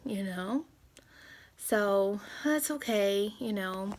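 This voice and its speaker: A woman's voice: mid-range voice, measured pace, fairly bright tone. A woman in her thirties venting to her phone camera in a personal vlog, emotional, close to tears and laughing between words. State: close to tears, trying to hold it together. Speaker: vlogger.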